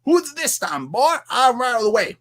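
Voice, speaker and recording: A man voicing a loud old Southern sheriff with a high, drawn-out drawl during a live stream. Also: very animated, full character voice. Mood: blustering.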